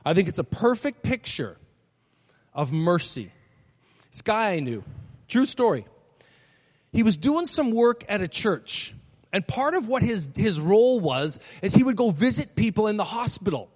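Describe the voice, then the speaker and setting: A man preaching a sermon, retelling stories with lively acted-out voices. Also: high-pitched, unhurried, in a large hall. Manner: animated, acts out voices in stories. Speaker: pastor. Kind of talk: sermon with storytelling.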